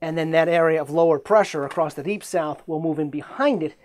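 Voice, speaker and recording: Chatty, jokey male weather forecaster. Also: fairly quick. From Central New York. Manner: chatty, jokey, energetic delivery with pitch swings. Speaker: meteorologist.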